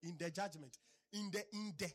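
A male preacher delivers an animated sermon, rising to loud exclamations and dropping to low asides. His voice sits fairly high and has a husky edge. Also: moderate pace, soft background music.

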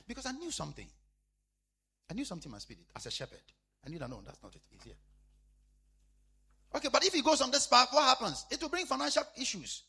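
A man preaching a sermon as an apostle, repeating his phrases and swinging from shouted emphasis to low, quiet asides. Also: a little hiss or hum.

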